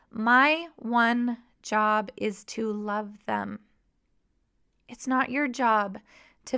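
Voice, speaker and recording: A woman hosting a podcast, talking in a warm, encouraging coaching tone. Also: on the high side. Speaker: podcast host and mission coach. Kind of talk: podcast monologue.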